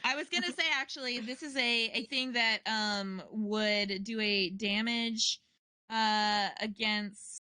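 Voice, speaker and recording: A woman's voice: on the high side, steady tone, slow pace, sharp tone, clear, resonant tone, no echo. A woman narrating as game master of a tabletop game, meandering with many fillers and restarts.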